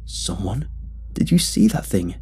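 A man's voice: low voice, sing-song, unhurried, darkish tone, breathy edge, soft background music, full character voice. A man voicing a frightened male bus passenger who urgently pleads with the others in a narrated horror story. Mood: pleading.

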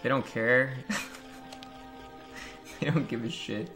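A man's voice: medium pitch, fairly even intonation, slow pace, bright, forceful tone, soft background music. A man streaming a game live, joking crudely with his chat and swearing often. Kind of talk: live-stream gameplay commentary.

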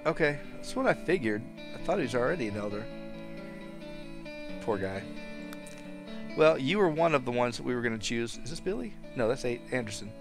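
A man's voice: medium pitch, very animated, brisk, long pauses. A man giving casual gameplay commentary on a life-sim game, talking to his characters and laughing often. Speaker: let's play host. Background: game music.

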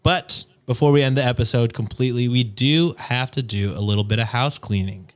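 A man's voice: mid-range voice, a little fast. A man co-hosting a podcast, chatting and joking in an easygoing way with lots of fillers. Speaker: podcast co-host. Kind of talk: casual podcast banter.

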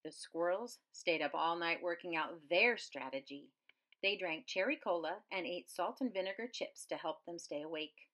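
A woman reading a children's picture book aloud with very expressive swings in pitch and loudness. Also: moderate pace. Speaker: storyteller.

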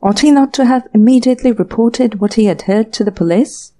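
A woman narrating a classic short story in a measured audiobook reading. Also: on the high side, warm tone. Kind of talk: scripted narration.

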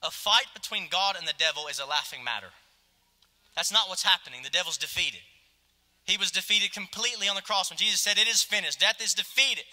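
A male pastor preaching a passionate sermon, swinging from loud exclamations to hushed, quiet asides. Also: high-pitched, expressive, a little fast. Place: church sanctuary. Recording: long hall reverb.

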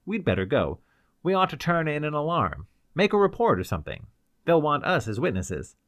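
A man's voice: mid-range voice, huge pitch swings, normal speed, a bit bright, pitched above the performer's own voice. A man reading a shaken young engineer. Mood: urgent.

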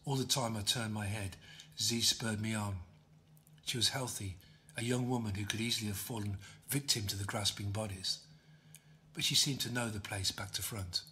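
Low-voiced bright male storyteller. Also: steady tone, moderate pace, a little hiss or hum. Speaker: author reading his novel. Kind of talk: audiobook narration.

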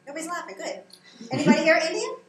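A woman's voice: very high-pitched, expressive, racing, fairly bright tone, a little hiss or hum. A woman performing a stand-up comedy monologue on a small theater stage, chatty and teasing as she jokes with the audience. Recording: roomy live room with audience.

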